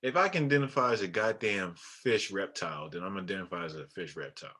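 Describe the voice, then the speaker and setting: Guy co-hosting a podcast, husky voice kinda low, cussing and laughing. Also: fast talker, bright, forceful tone. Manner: blunt, profane and laughing. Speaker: podcast co-host. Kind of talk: casual chat.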